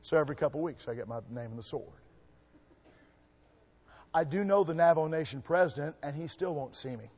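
A male missionary preacher giving a revival sermon, emphatic, shifting between loud exhortation and quiet asides. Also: on the high side, fairly quick, pauses often, breathy edge. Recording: echoey hall with long reverb.

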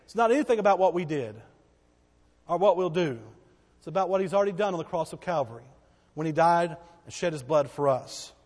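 A man preaching a sermon as pastor, swinging between loud, emphatic declarations and hushed, quiet passages. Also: on the high side, lively intonation, a little fast, big-room sound.

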